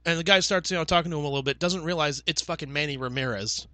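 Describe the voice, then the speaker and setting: Bright, crisp-toned young man chatting. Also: on the high side, racing, no room sound. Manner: swears freely, chatty storytelling with fillers. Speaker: podcast co-host. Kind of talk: casual chat.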